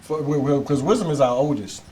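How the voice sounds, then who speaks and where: A man's voice: fairly high pitch, a little fast, over a noisy crowd. A middle-aged man in a casual podcast chat, telling stories and repeating words as he starts sentences. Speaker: podcast guest.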